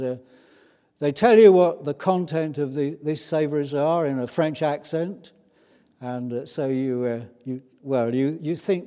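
A British man preaching a sermon in an unhurried, chatty way, with many hesitant fillers. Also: mid-range voice, mellow. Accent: British English. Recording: long reverb of a large hall.

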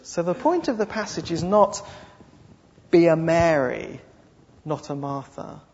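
A high-voiced male preacher who tells his story dramatically and repeats phrases for effect, his pitch ranging widely. The sound is dull and lo-fi, with a long reverb from a hall. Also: lively intonation, measured pace, darkish tone. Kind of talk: sermon.

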